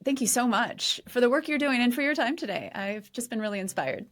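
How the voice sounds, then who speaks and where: A woman's voice: a little high, lively intonation, fairly quick, soft background music. A woman hosting a podcast, asking short, encouraging follow-up questions and closing the episode. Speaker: podcast host. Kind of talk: podcast interview and outro.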